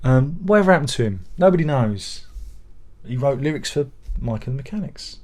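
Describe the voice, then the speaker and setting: A man's voice: medium pitch, lively intonation, brisk, a little mellow. Sardonic rambling man. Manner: rambling, sardonic and grumbling, with mock-exasperated asides. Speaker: livestream host reading viewer comments. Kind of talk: casual live-stream chat.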